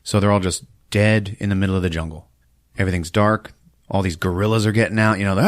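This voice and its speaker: A man's voice: sits low, steady tone, quick pace, no echo, clean studio sound. Profane joking man recapping a film. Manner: profane, laughing, acts out scenes. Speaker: podcast host.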